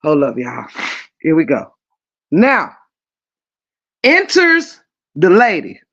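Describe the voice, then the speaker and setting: A livestream host casually retelling a story to the chat, animated and profane, with emphatic, drawn-out phrases. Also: medium pitch, muffled recording. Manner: animated and profane, with frequent laughing fits.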